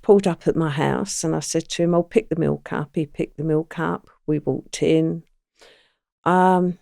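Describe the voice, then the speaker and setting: An older woman, a podcast guest telling her past with lively, acted-out quotes. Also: deep voice, vocal fry, no room sound, clean studio sound. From England. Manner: animated storyteller, acts out quoted lines. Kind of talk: recounting crime memories in a podcast interview.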